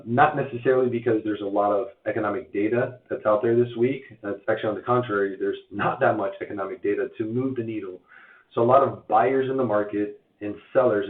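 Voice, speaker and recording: A man with a hoarse voice from losing it, giving a chatty live-stream update on mortgage rates, full of uhs and restarts. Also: lowish voice. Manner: chatty, filler-heavy, many uhs and restarts. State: hoarse, lost voice. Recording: tinny phone-like sound in an echoey room.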